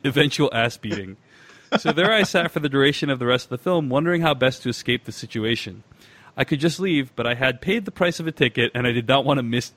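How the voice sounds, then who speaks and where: A man's voice: medium pitch, fairly bright tone, no echo. A man hosting a podcast, chatting casually and reading a listener's email aloud, with many filler sounds. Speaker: podcast host.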